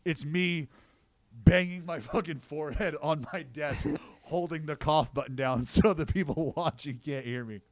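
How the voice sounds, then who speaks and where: A man who calls baseball games, chatting casually on a podcast and telling animated stories, swearing freely. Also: fairly high pitch, moderate pace, no room sound. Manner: excitable storyteller who swears and gets loud reliving plays. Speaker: baseball broadcaster and podcast co-host. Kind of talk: casual chat.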